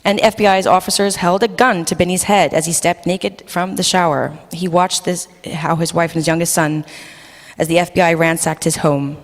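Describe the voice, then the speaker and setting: A woman's voice: on the low side, steady tone, normal speed. Woman moderating a panel in a hall. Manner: reads from notes with fillers and restarts. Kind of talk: introducing a panel, reading quotes. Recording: long reverb of a hall.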